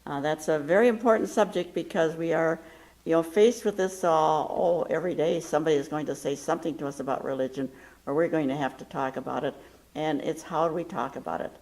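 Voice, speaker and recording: Woman talk-show host; low, gravelly voice, emphatic and animated delivery. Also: fairly quick, rough recording. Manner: emphatic, animated storytelling with quoted lines. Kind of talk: casual talk-show chat.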